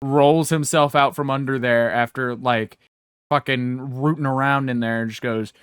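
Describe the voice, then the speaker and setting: A young man spins long, rambling stories on a casual podcast, swearing freely and breaking into comic voices. The recording is dry and close, with his voice sitting at a middle pitch. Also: moderate pace, clean tone, no echo. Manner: rambling, profane, animated, puts on comic voices. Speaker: podcast co-host. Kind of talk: casual banter, storytelling with silly voices.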